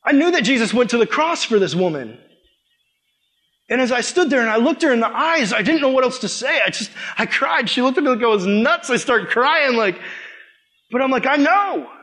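A young man as youth pastor, preaching a sermon with animated storytelling that acts out the dialogue. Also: very high-pitched, brisk.

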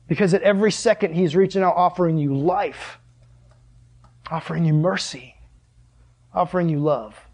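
A man's voice: on the high side, fairly even intonation, normal speed, darkish tone. Earnest young male preacher. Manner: earnest, conversational, with rhetorical questions. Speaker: pastor. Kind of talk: sermon.

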